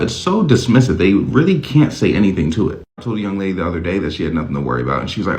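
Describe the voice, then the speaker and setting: A man talking casually to camera, animated and acting out both sides of imagined conversations. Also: low voice, fast, hardly any pauses. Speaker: social media dating commentator.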